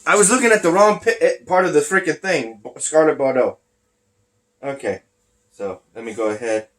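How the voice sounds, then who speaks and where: At normal speed, in a fairly high and slightly bright voice, a podcast host chats casually about wrestling results. He rambles and loses track of his point while talking through a face mask, sounding a little short of breath.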